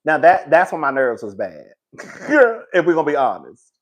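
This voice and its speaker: A man's voice: on the high side, big pitch swings, normal speed. A man hosting a casual live stream, chatting in a dramatic, slangy way and laughing often. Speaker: livestream host.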